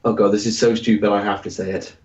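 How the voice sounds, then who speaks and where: A man's voice: lowish voice, flat delivery, quick pace, darkish tone. Distant, muffled man on a podcast call. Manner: rambling and hesitant, with many fillers. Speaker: podcast co-host reading listener questions. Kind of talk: casual podcast chat.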